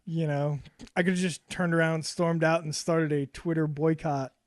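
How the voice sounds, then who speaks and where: A man in his thirties co-hosts a relaxed podcast chat, telling stories with lots of energy. His voice sits a bit high and sounds dry and close to the mic. He swears freely and breaks into laughter often. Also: normal speed, no room sound. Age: 30s. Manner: animated storyteller, swears a lot, laughs often. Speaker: podcast co-host. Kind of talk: casual boozy podcast chat.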